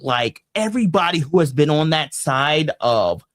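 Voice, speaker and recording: Impassioned co-host with a wildly lively pitch. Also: moderate pace, no echo. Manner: impassioned, profane ranting. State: losing voice. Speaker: podcast co-host. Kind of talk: casual podcast discussion.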